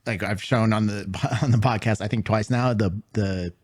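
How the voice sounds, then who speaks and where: A young man co-hosting a casual podcast, laid-back and quick to laugh, swearing freely. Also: on the low side, steady tone, no room sound, studio quality. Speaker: podcast co-host. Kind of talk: casual chat.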